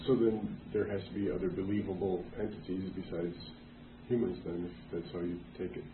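A man's voice: low voice, fairly even intonation, fairly quick. A man in a Bible study group who argues his point and presses the leader on it. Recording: tinny lo-fi recording with background noise.

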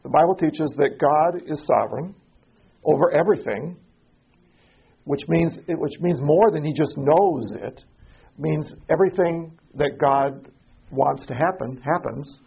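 Man as church class teacher: rough, husky tone, stop-start delivery, dull lo-fi class recording. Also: on the high side. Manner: halting, repeats words, asks the class questions. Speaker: Sunday school teacher. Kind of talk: informal Bible class teaching.

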